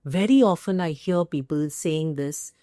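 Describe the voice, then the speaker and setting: A woman with an Indian English accent, teaching English pronunciation as host and stressing key words slowly. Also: low-pitched, mellow, a little hiss or hum. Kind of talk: pronunciation lesson to camera.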